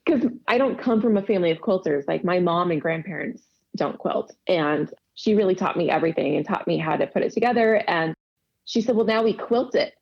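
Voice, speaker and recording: A woman's voice: lowish voice, animated, fairly quick, gravelly. A woman casually telling stories in an interview, laughing often and acting out quoted dialogue. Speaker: podcast guest, quilter. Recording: dull lo-fi audio.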